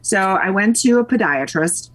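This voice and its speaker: A woman's voice: medium pitch, lively intonation, normal speed, fairly bright tone. Chatty woman telling a story. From Nashville, Tennessee. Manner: chatty storyteller, acts out quoted lines, laughs often. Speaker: interview guest. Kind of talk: casual chat.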